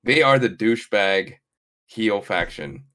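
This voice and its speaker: A man's voice: lowish voice, measured pace, fairly bright tone, slight background noise. A man co-hosting a casual wrestling recap podcast, talking eagerly and agreeing emphatically. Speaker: podcast co-host.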